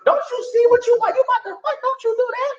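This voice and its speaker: Man putting on a shrill scolding inner conscience, high and frantic, distant echoey dull recording. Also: fast talker.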